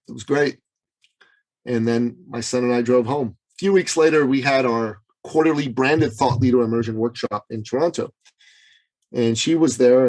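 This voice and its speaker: Animated male business coach telling a story. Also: low-quality recording. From Iran. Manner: dramatic, acts out quotes with big pitch swings. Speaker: business coach, interview guest. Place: Toronto. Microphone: remote call.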